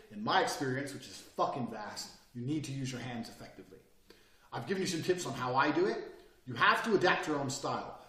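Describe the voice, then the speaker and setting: A man lectures in a forceful, profane way, his voice pitched a little high and swinging widely up and down. He sits back from the mic, and the room around him rings with echo. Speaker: self-improvement speaker. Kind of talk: blunt motivational lecture. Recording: echoey room, mic at a distance.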